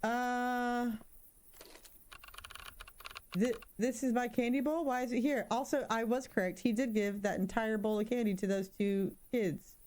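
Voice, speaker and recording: A woman's voice: fairly high pitch, a little slow, a little hiss or hum. A woman in her thirties doing casual let's-play commentary, joking around and spooking easily. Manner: animated, jokey, easily spooked. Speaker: gaming streamer.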